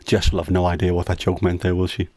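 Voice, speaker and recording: A middle-aged man hosts a relaxed livestream from home, cracking dad jokes and ribbing his kid. His voice sits low and sounds close and dry, with no room echo. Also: fast talker. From United Kingdom. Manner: teasing, jokey dad humor. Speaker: livestream host. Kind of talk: casual livestream chat.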